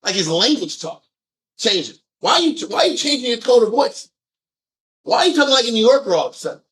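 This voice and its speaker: A man leading a group scripture discussion, animated and firing off rhetorical questions. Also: extremely high pitch, brisk. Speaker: discussion leader.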